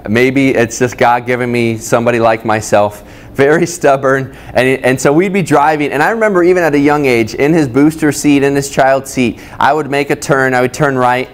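A male pastor preaching to his congregation in a plain, conversational way. His voice sits at an ordinary middle pitch, and he speaks straight to the people in front of him and to those watching online. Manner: conversational, addresses listeners directly. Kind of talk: sermon. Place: church service, streamed online.

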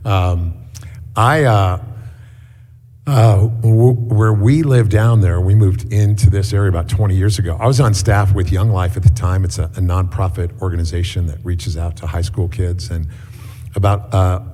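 A middle-aged man giving a sermon as a guest preacher in a church, telling stories in a relaxed, chatty way with many fillers. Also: low-pitched, normal speed. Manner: conversational storytelling with many fillers. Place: church hall. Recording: echoey hall.

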